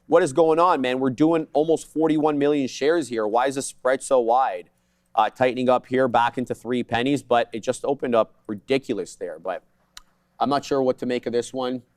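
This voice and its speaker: Man, live trading co-host, quick market jargon, dry close mic. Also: medium pitch, fairly even intonation, no room sound. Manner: fast jargon-filled trade calls, joking asides. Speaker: day trading show co-host.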